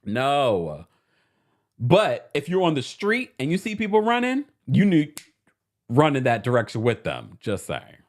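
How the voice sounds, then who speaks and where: Man, casual chat host, lively swooping pitch, laughs a lot, New York native. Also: moderate pace. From New York City. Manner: animated and chatty, laughing often. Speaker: host of a reality TV recap show. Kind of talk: casual livestream chat, reading viewer comments.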